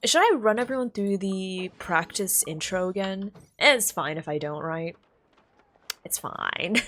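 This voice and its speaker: A woman streamer in casual live-stream chat, playful and self-mocking, lower in energy than usual. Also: expressive, unhurried, fairly bright tone.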